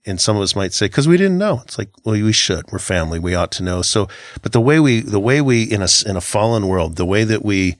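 A man's voice: fairly low pitch, quick pace, few pauses, no room sound, clean studio sound. A middle-aged man co-hosting a casual Christian podcast, talking in an earnest, reflective way with frequent halts and restarts. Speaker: podcast co-host.

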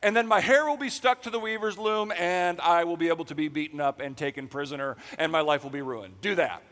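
Pastor as a cocky, flippant strongman, bright and high, church-hall reverb. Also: brisk, close to an everyday voice. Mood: teasing. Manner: flippant, teasing. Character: cocky strongman toying with his lover.

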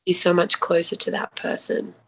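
A woman's voice: fairly low pitch, little pitch movement, moderate pace, creaky, breathy edge. Earnest Australian woman sharing openly. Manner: earnest, open personal storytelling. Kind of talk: casual podcast chat.

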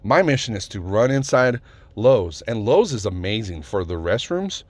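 A man's voice: fairly low pitch, very animated, normal speed, darkish tone, dry recording. A man telling a story in a casual, rambling rant, swearing often and stopping to restart his sentences with lots of fillers.

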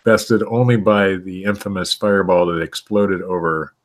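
A man with a low voice reads strange news stories to his co-hosts. He halts and restarts often and keeps breaking into laughter as he reads. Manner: reads stories haltingly, laughing through them. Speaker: podcast co-host reading news stories. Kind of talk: casual chat reading news aloud.

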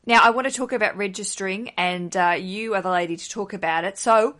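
A woman's voice: medium pitch, a little fast, a bit bright. A woman hosting a podcast interview, chatty and enthusiastic, asking long rambling questions. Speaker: podcast host.

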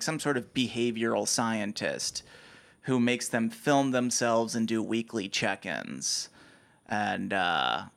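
A young man co-hosting a podcast, telling a story with animated delivery and frequent laughter. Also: medium pitch. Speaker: podcast co-host. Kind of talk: casual chat.

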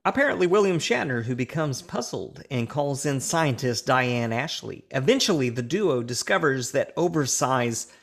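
A man's voice: medium pitch, lively intonation, moderate pace, gravelly, hardly any pauses. A young man co-hosting a podcast, tipsy, rambling and swearing as he reads a plot synopsis and laughs often. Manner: rambling, profane, laughs often, restarts sentences. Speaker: podcast co-host. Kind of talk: casual chat, reading a synopsis.

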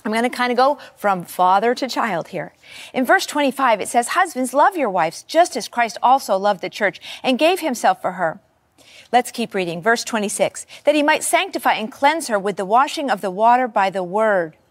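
Woman, preacher, sermon, fairly high voice, chatty and animated, reads verses aloud. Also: normal speed. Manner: conversational, animated teaching with scripture readings.

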